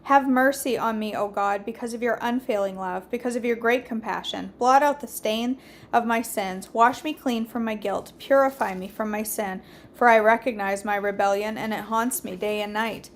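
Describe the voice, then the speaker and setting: A woman hosting a daily devotional, reading scripture aloud in a steady, earnest way with small slips and restarts. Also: on the high side, moderate pace, slight background noise. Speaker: devotional host.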